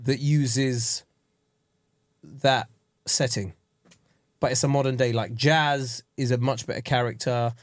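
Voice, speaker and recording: A man's voice: mid-range voice, slow, long pauses, no echo. A young man, co-hosting a casual podcast chat and retelling a show with put-on voices. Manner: animated storyteller, puts on character voices in retellings. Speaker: podcast co-host.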